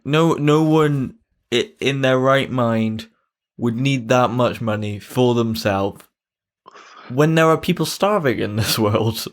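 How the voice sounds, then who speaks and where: A man in a casual podcast chat, measured and earnest as he checks facts. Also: mid-range voice. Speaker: podcast co-host.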